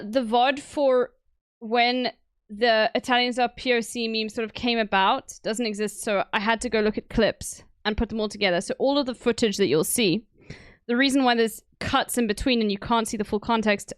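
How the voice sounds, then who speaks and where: Young woman streamer, casual and chatty, clear dry close-mic voice, slightly high. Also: fairly even intonation, normal speed, dry recording. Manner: chatty, laughs often, loose filler words. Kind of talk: casual chat to viewers.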